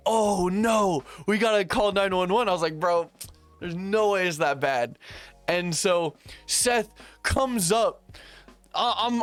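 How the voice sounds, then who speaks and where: A young man telling a story casually, slangy and animated, playing out his own past lines. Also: sits high, no echo.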